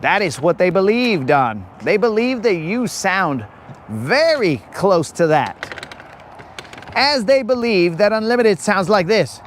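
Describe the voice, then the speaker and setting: A man's voice: high-pitched, big pitch swings, slow, slight background noise. A man hosting a live fishing stream, chatting casually and teasing his viewers in a playful, rambling way. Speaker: fishing livestream host. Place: outdoors on a lake.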